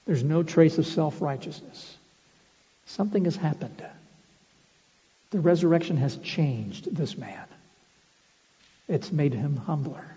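Husky, dark-voiced male preacher. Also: on the high side, expressive, normal speed. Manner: emphatic, rhetorical questions, quotes scripture. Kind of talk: sermon. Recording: dull reverberant hall recording.

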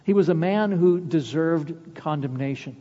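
A man preaching a sermon, an earnest storyteller who slows down for emphasis, recorded in a church sanctuary. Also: a little high, warm tone. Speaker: pastor. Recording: dull lo-fi sound with long church reverb.

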